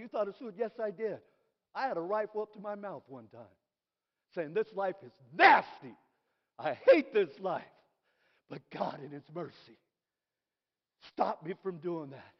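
A middle-aged man preaching a sermon in an animated way, dropping to soft asides and rising to shouted praise. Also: high-pitched. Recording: dull recording in a reverberant hall.

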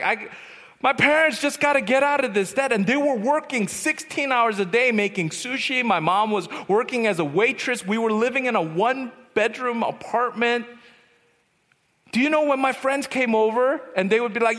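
Animated preacher in a reverberant hall. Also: male voice, very high-pitched, normal speed. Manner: animated storyteller, acts out voices. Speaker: youth retreat speaker. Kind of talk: sermon with personal stories.

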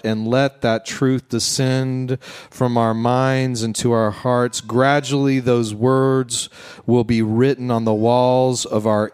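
A man preaching a conversational sermon, then leading the congregation in a slow, quiet breathing prayer. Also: medium pitch, clear, resonant tone. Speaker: pastor.

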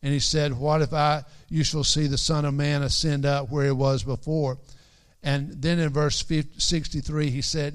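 A man's voice: on the high side, flat delivery, moderate pace, clear, resonant tone. A man preaching a sermon, earnestly repeating key phrases for emphasis and quoting scripture in old-fashioned wording. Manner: quotes scripture in King James wording.

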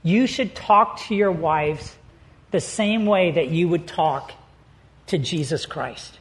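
A man voicing a stern, earnest male group leader in a sermon, speaking slowly and solemnly in a lowered voice.

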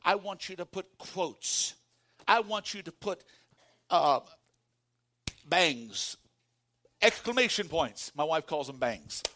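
A man preaching a sermon as pastor, calling on the congregation to repeat lines after him and swinging from hushed tones to shouts. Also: fairly high pitch, lively intonation, slow, pauses often. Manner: calls for congregation responses.

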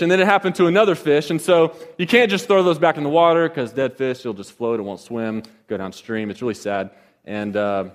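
A man in his thirties telling a rambling personal story, with lots of fillers and restarts. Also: a little high. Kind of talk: casual personal anecdote. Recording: long echoing reverb.

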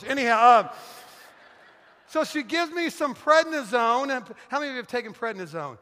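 A middle-aged man preaching in a church, telling funny stories in an animated, joking way. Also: extremely high pitch, normal speed, big-room sound. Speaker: guest pastor. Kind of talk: sermon with storytelling. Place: church sanctuary.

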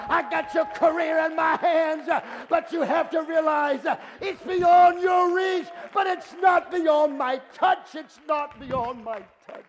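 A man preaching a revival sermon, swinging between shouted, rhythmic climaxes and hushed, intimate stretches, with a repeated "uh" between phrases. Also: very high-pitched. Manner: punctuates phrases with "uh", repetitive rhythmic cadence. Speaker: guest preacher. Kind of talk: Pentecostal-style revival sermon.

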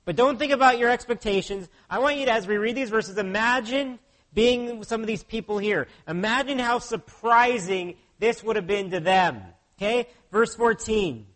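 A man's voice: sits high, moderate pace, fairly bright tone. A pastor preaching a sermon in an earnest way, often putting questions to his listeners.

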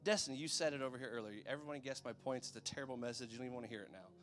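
Male preacher, easygoing and chatty, mid pitch, soft music bed. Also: racing. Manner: conversational, checks in with the audience. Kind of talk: sermon.

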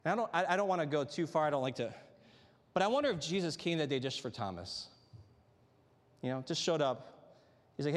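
A man delivers a sermon to a congregation in an easygoing, conversational manner, leaning on rhetorical questions to keep listeners with him. His voice sits somewhat high for a man, and his words ring out with the long reverb of a large church sanctuary. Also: animated, brisk, pauses often. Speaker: pastor.

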